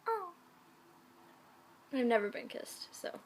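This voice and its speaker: A woman's voice: sits high, big pitch swings, takes it slowly, breathy edge. A woman reading fan fiction aloud in a casual way, often breaking off to giggle and comment on the text. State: sick.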